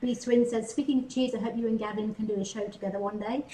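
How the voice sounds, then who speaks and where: A woman off camera reading viewer comments aloud in a light, relaxed way. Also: fairly high pitch, fast. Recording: off-mic in a roomy space.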